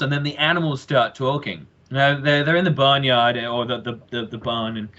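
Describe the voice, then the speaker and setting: Excitable guy cohosting a podcast, swears a lot, bright tense voice, dull lo-fi audio. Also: medium pitch, normal speed, hardly any pauses. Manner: excitable, swears often, bursts of laughter. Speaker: podcast co-host. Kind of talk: casual chat, storytelling.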